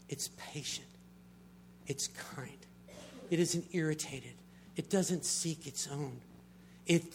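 A man's voice: fairly high pitch, slight background noise. A middle-aged man preaching a sermon, telling personal stories and building to emphatic passages. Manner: storytelling, builds to emphatic swells. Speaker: pastor.

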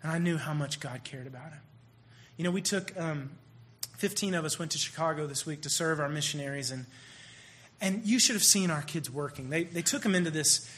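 Animated, bright-voiced preacher man. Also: on the high side. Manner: animated, swings between hushed and loud. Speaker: youth minister. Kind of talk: sermon storytelling.

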